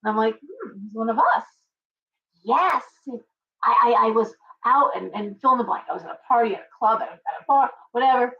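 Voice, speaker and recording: A woman's voice: on the high side, fast, hardly any pauses, distant mic. Rambling middle-aged woman, off-mic. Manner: rambling, chatty, greets viewers by name mid-thought. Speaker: tarot reader hosting a live stream. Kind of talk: casual live-stream chat. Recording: dull, lo-fi sound from off-mic.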